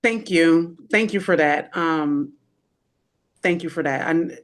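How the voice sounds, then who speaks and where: A participant shares reflections slowly, pausing to find the right words. The voice sits mid-range and unhurried, earnest throughout. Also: mid-range voice. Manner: slow, thoughtful, searching for words. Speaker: workshop participant. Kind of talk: reflective sharing in a group workshop.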